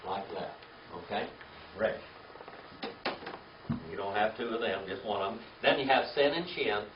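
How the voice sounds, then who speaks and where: A man's voice: lowish voice, moderate pace, noisy background. A man teaching a Bible class, patiently stepping through letters and checking in with "okay?" and "all right?". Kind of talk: classroom lecture. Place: church classroom with a live audience. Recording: roomy, distant, dull lo-fi room recording.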